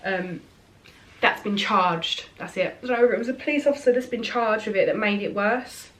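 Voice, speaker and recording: A woman's voice: mid-range voice, brisk, distant mic, slight background noise. A woman chatting frankly and casually while doing her makeup, rambling with fillers. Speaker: beauty vlogger.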